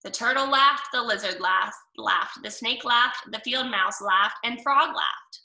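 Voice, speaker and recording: Woman reading a kids' storybook, bright, slightly high, roomy room. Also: unhurried, vocal fry. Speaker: storybook reader. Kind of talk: reading a children's book aloud. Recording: roomy, mic at a distance.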